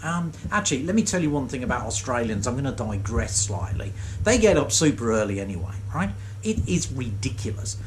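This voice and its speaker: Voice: medium pitch, big pitch swings, a little fast, a little hiss or hum. A comic storyteller giving a sarcastic, digressive rant monologue.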